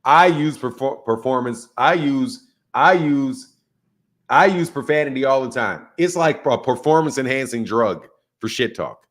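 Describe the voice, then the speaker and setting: A man's voice: medium pitch, animated, unhurried, fairly bright tone. A man from the United States hosting a boxing channel, chatting casually on a live stream, boastful and joking, swearing freely.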